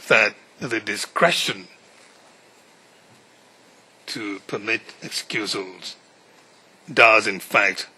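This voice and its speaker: A man questioning counsel from the bench as a judge, deliberate and probing. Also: lowish voice, bright, forceful tone, slightly rough, low-quality recording. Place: courtroom.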